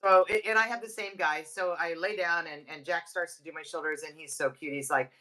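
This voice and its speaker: A woman in her fifties co-hosting a casual chat show, telling stories with lively laughter. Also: lowish voice, a little fast. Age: 50s. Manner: animated storyteller, laughs often. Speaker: podcast co-host.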